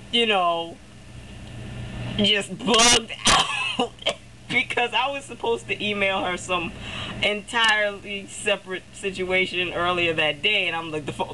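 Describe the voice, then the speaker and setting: A woman's voice: medium pitch, bright, forceful tone. Chatty young woman, noisy background. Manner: chatty, laughs often, acts out quotes. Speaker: vlogger. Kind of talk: casual storytelling. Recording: noisy background with passing vehicles.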